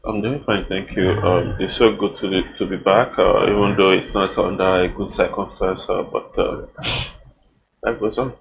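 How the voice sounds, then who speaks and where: A man talks as a football pundit in a TV studio. His voice is very deep and gravelly, and he keeps it flat and measured as he reflects. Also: rough recording. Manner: measured, reflective, with some restarts. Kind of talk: studio discussion, casual.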